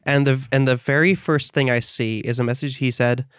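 A man in casual podcast chat tells a story with lively energy, jumping into other people's voices as he quotes them. He is from the Netherlands. His voice sits at a middle pitch, recorded close and dry with no room sound. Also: moderate pace, smooth, no room sound.

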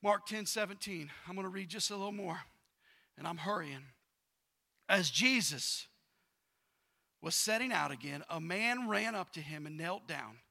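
A male pastor preaching a sermon. He reads scripture aloud, uses casual slang and repeats himself, and swings from loud bursts to quiet asides. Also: a little high, vocal fry.

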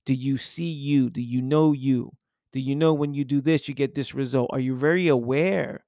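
A man's voice: mid-range voice, fairly even intonation, normal speed, warm tone, no room sound, clean studio sound. A man hosting a podcast and delivering an intense, preachy motivational monologue full of rhetorical questions. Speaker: podcast host.

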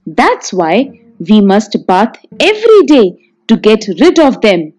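Slow, sing-song woman storyteller. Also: mid-range voice, huge pitch swings, darkish tone. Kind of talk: children's story narration.

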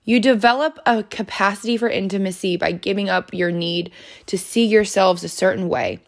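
A woman's voice: medium pitch, moderate pace, gravelly. A woman hosting a self-help podcast, earnestly encouraging the listener and reading passages aloud from a book. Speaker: podcast host.

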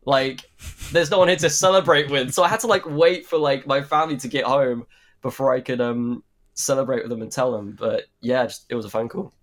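A man's voice: medium pitch, brisk, fairly bright tone. A young man, an actor, chatting in an interview, rambling with lots of fillers and restarts. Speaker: actor guest. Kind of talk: casual interview chat.

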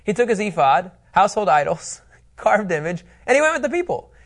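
A man's voice: sits high, sing-song, a little fast, fairly bright tone. A man teaching a Bible lesson in a casual, joking way, laughing often.

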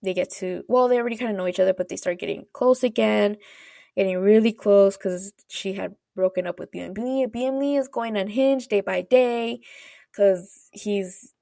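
Chatty woman with a gravelly edge. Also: medium pitch, normal speed, mellow, dry recording, studio quality. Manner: chatty, rambling, heavy on fillers like "like" and "you know"; retells scenes with quoted dialogue. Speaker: podcast host. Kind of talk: casual plot recap.

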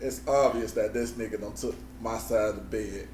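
A man's voice: lowish voice, steady tone, moderate pace, far from the mic. A man co-hosting a podcast, joking in a laid-back way. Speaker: podcast co-host. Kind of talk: casual chat. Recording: echoey room with noise.

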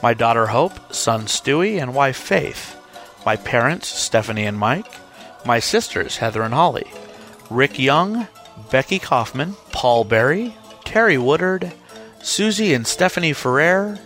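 A male podcast host reading out thank-you credits, briskly listing names. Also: mid-range voice, lively intonation, fairly bright tone, soft background music.

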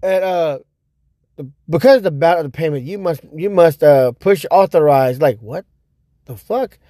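A man hosting his own podcast, telling a story in a loose, rambling way, with many fillers and repeats, and loudly acting out his own reactions. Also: a little high, normal speed, dry recording, clean studio sound. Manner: animated, acts out his own past reactions with sudden loud outbursts. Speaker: podcast host. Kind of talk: casual storytelling monologue.

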